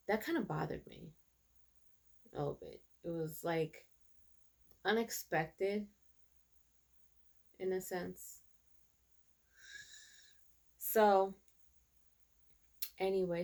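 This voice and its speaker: A woman in a casual episode recap, chatty and hesitant with many fillers. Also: on the low side. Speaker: show reviewer.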